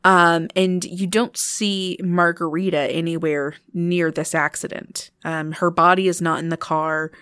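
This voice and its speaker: A woman narrating a tabletop game as game master, casual with many fillers and slowing on details. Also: lowish voice, little pitch movement, a bit bright, clean tone, dry recording, studio quality.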